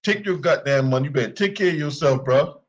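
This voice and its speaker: A man's voice: on the high side, quick pace. A man hosting a sports commentary channel, talking casually with profanity and mocking laughter.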